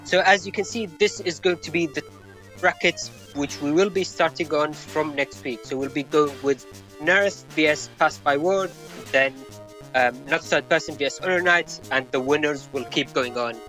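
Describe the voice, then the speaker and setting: Man, bright voice, fairly high pitch, tournament stream host, explains game mechanics, laughs often, faint music behind. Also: moderate pace. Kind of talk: casual esports commentary.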